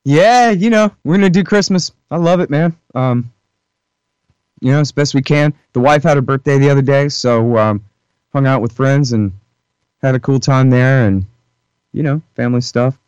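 A man's voice: mid-range voice, normal speed, darkish tone, clear, resonant tone, no room sound, lo-fi sound. Emphatic man, dry close voice. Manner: emphatic, mocking, acts out quoted voices. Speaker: guest commentator. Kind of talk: casual political talk.

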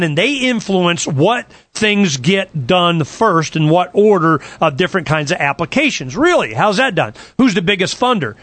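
A man telling a long story in an excited, sarcastic rant, acting out what others said to him. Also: sits high, normal speed, hardly any pauses, no room sound. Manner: excited, sarcastic, quotes others in retold dialogue. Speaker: political campaigner.

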